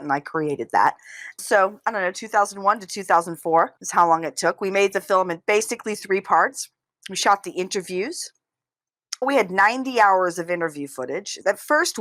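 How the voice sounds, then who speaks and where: Woman guest, lowish voice, lively storyteller full of asides, dry close sound. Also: no echo, rough recording. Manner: animated, chatty, tells long anecdotes with asides. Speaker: guest, filmmaker and author. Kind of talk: casual interview storytelling.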